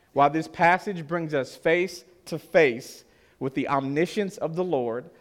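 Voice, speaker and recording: Guy preaching a sermon, kinda higher voice, earnest, slows way down to hit the big points. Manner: earnest, slows down to stress lines.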